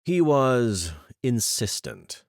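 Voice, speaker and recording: A cheery, wisecracking adventurer guide, as a man puts him on in an audiobook. His voice is pitched higher than the narration and carries quick, joking comebacks. The sound is dry and close. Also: expressive, a little mellow, no room sound. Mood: wry.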